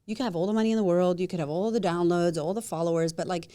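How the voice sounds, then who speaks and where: A woman guest talks in a lively, emphatic way, slipping in little acted-out voices for the people she quotes. Her voice sits a bit low and mellow, with a warm dark tone rather than any brightness. It is easy, casual podcast conversation. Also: racing. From United States. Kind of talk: casual interview chat.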